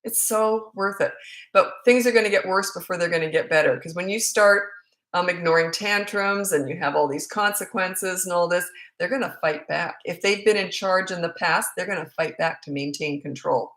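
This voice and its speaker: In a roomy, echoing room, a woman in her fifties coaches parents through a live Q&A with a lowish, fairly bright voice at normal speed. She hammers home her advice by repeating it, and sometimes laughs at herself.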